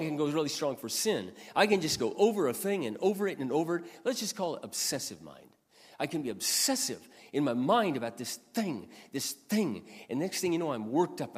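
Pastor, man, 60s, earnest emphatic sermon, animated pitch, long hall reverb. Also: husky. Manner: earnest, emphatic, repeats lines for stress.

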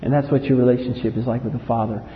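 A man preaching a sermon, emphatic, swinging from loud outbursts to low quiet lines. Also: steady tone, racing. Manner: emphatic, rises to loud acted outbursts then drops low. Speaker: pastor. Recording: echoey hall, dull lo-fi sound.

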